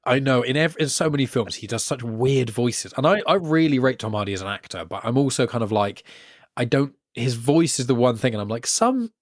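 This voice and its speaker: A man talking casually as a podcast guest, rambling and trailing off quietly at the ends of his phrases. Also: mid-range voice, animated, brisk, no echo, studio quality.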